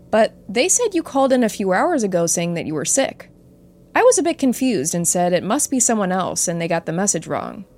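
A woman hosts a show of spooky true stories and reads listener accounts aloud. Her delivery is soft and earnest, pitched in an ordinary middle range. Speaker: host and narrator.

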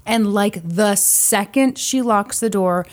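A woman tells a true crime story on a podcast in a relaxed, conversational way. Her pitch sits in the middle range, and she livens the telling by acting out the lines of the people in the story. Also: slow pace. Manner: animated, acts out quoted voices, laughs often. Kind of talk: casual storytelling chat.

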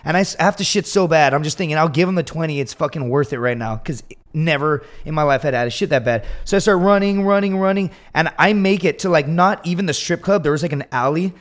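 A man telling a crude story in casual chat, animated and profane, acting out the quotes loudly. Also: fairly high pitch, fast talker, hardly any pauses. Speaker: podcast guest telling a story.

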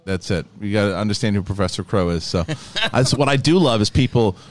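A man's voice: on the low side, animated, fairly quick, a crowd in the background. A man hosting a podcast, chatting casually in a rambling way with frequent laughs and restarts. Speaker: podcast host. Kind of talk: casual chat.

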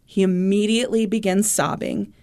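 A woman co-hosting a podcast, telling a true crime story in a casual, animated way and acting out what people said. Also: medium pitch, moderate pace. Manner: animated retelling, acting out quotes. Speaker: podcast co-host.

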